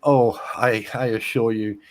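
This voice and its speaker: A man's voice: medium pitch, steady tone, measured pace, rough recording. A man on a video call panel who talks bluntly, teases and swears a lot in casual chat. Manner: blunt, swears often, teasing. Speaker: panel guest.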